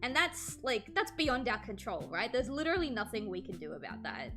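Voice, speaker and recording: A woman's voice: fairly high pitch, sing-song, fairly quick, music in the background. A woman in her twenties chatting casually with her stream while drawing, telling stories with many "like" fillers.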